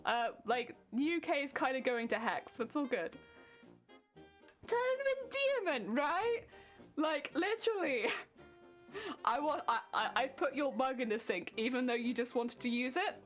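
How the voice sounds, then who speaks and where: A young British woman chatting casually with her stream viewers from home, chatty and quick to laugh. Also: high-pitched, very animated. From Britain. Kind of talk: casual chat with stream viewers while crafting. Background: faint music.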